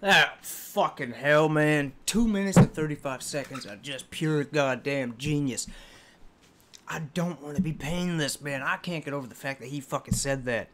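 A man's voice: fairly high pitch, moderate pace, noisy background. A man hosting a music reaction video, talking in a casual, profane, rambling and heartfelt way, emotional as he speaks.

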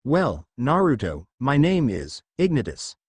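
A man voicing a proud, calm old male dragon chronicler who speaks in a measured, formal way. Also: mid-range voice, husky, no echo, heavily acted.

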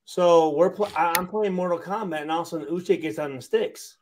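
High-voiced man, swearing storyteller. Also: fairly quick, crowd noise. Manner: loud, profane, laughing storyteller. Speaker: guest, former football player. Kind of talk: casual late-night chat.

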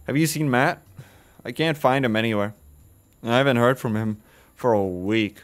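A man's voice: mid-range voice, moderate pace, long pauses. A man playing a horror game on his channel, reading its text aloud and reacting with swearing and jokes. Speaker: gaming video host. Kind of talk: casual horror game commentary.

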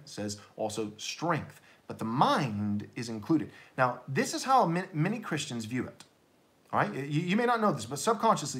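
A man preaching a sermon as pastor, blunt and emphatic, often restarting his words in quick repeats. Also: medium pitch, fairly bright tone.

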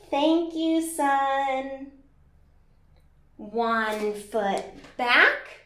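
Slow, gentle woman leading kids' yoga. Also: high voice, echoey room, distant mic. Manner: slow, gentle and playful, with sung lines and animal sounds. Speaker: kids yoga teacher. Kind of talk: guiding a children's yoga class.

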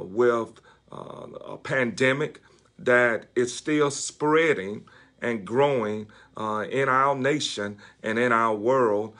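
Bishop guy preaching, real slow, lots of uhs, says stuff twice. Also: medium pitch, bright, forceful tone. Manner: slow and deliberate, many uh fillers, repeats key phrases. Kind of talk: devotional sermon.

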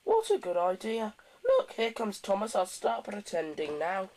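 A man voicing a vain, whiny young male steam engine in a storybook reading, with a high complaining whine. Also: wildly swooping pitch, unhurried, a little mellow, exaggerated voice. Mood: sly, flustered.

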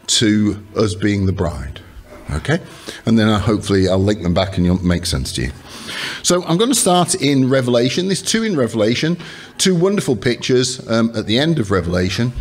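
A man preaching a sermon in a conversational way, with fillers and restarts, and reading scripture aloud with emphasis. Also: mid-range voice.

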